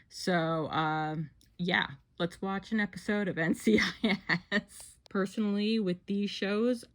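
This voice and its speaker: A young woman with a New Jersey accent talks in a rambling, chatty way on her own vlog, often cutting herself off mid-thought. Her voice sits on the low side for a woman and has a gravelly, fried texture. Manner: rambling, chatty, self-interrupting. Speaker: YouTuber. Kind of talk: casual chat reviewing shows.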